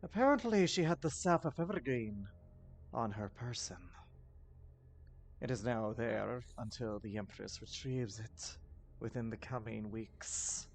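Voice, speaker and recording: A man's voice: mid-range voice, animated, a little slow. A man voicing a formal, ominous informant who speaks in grave, old-fashioned phrases.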